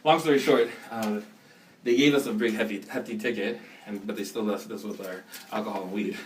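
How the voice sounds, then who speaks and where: A young man from Canada telling a story casually, animated and laughing, acting out the people in it. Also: fairly low pitch, fairly quick, far from the mic, slight background noise. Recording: echoey room, heard from off-mic.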